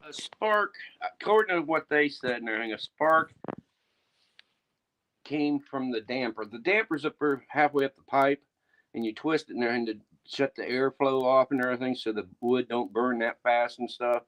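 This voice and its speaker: A man's voice: mid-range voice, normal speed, a bit bright. A man speaks on a casual livestream in a mid-range voice. His explanations are plain and rambling, padded with filler phrases as he goes.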